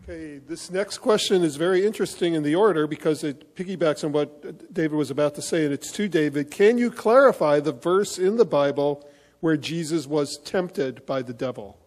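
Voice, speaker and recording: A man moderating a debate, announcing an audience question clearly. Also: on the high side, moderate pace, a little mellow. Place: debate hall. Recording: distant voice in an echoey hall.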